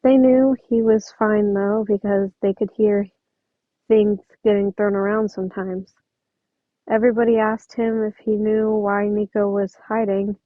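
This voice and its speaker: A woman's voice: medium pitch, level tone, a little slow, no echo, phone-quality sound. A woman reading fan fiction aloud at home, chatty and prone to apologetic asides. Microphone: home microphone.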